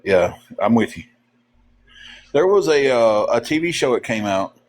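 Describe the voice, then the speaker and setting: A man's voice: mid-range voice, very animated, a little hiss or hum. A man, co-hosting a casual livestream, telling folksy, rambling stories full of fillers and sounding a bit tired. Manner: drawn-out, tired. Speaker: livestream co-host. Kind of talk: casual livestream chat, storytelling.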